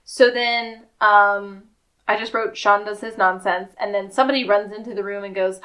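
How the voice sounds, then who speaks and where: Speaking at normal speed in a mid-range voice, this podcast co-host walks through a TV episode in a relaxed way. She gets animated, performing the characters' lines and laughing as she goes.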